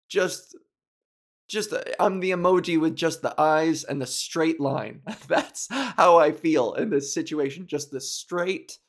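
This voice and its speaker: A man in a casual, animated monologue, laughing often and mimicking others mockingly. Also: fairly high pitch.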